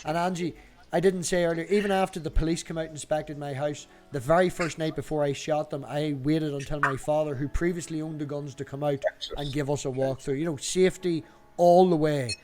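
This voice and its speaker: A man's voice: on the high side, fairly even intonation, a little fast, darkish tone, a little hiss or hum. A man with a Northern Irish accent from near Newry, hosting a casual hangout chat and talking bluntly with plenty of swearing. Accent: Northern Irish, Newry border area. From Northern Ireland, near Newry. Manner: blunt, swearing, chatty storyteller. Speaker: stream host. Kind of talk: casual chat on a video call.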